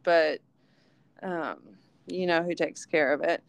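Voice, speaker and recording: A woman's voice: low-pitched, fairly even intonation, slow pace, dry recording. A woman who is a guest on a podcast, chatting casually and trailing off between thoughts with many fillers. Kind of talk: casual interview chat.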